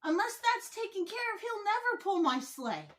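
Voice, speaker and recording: A woman's voice: very high voice, sing-song, moderate pace, a bit bright, voice pushed up, full character voice. A woman voicing a stern, disapproving old male Santa who scolds indignantly. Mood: scolding.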